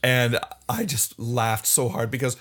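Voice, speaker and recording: Lively, animated man telling stories. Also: mid-range voice, unhurried. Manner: animated storyteller, slips into comic voices. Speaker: podcast guest, comic creator. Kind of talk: casual chat.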